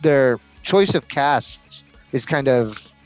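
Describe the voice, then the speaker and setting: A man's voice: medium pitch, lively intonation, takes it slowly, soft background music. A man co-hosting a casual podcast, telling stories in a profane, rambling way and throwing in mock voices. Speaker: podcast co-host.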